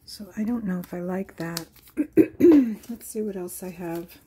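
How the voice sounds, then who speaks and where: Slow, mellow-voiced woman crafting. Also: on the low side. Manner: unhurried, musing aloud while working, drifts into soft whispers. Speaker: crafting channel host. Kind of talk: casual crafting tutorial. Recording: faint background noise.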